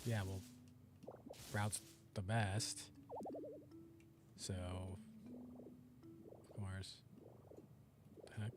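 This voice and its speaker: A young adult man streaming a video game, chatting casually with viewers and thinking aloud in a relaxed, rambling way. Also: low voice, drawn-out words, long pauses, loud music behind the voice. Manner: laid-back, rambling, thinks aloud while playing. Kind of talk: casual gameplay chat with viewers.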